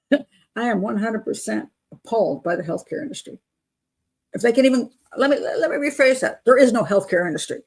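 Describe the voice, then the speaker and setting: A woman's voice: fairly high pitch, animated, a little fast, gravelly, a little mellow, slightly rough. An older woman hosting a live chat show, blunt and opinionated, laughing often as she reads out viewer comments.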